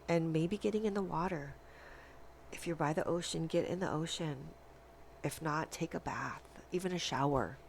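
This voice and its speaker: Slow, gravelly woman reading tarot. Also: low-pitched, a little mellow, slight background noise. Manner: slow, dreamy, halting with long pauses. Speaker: tarot reader.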